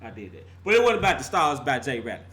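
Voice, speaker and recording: A man's voice: mid-range voice, very animated, very fast, bright, forceful tone, slight background noise. A middle-aged man ranting as a fan vlogger, fired up and laughing, heavy on slang and repeating himself for emphasis. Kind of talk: animated fan rant.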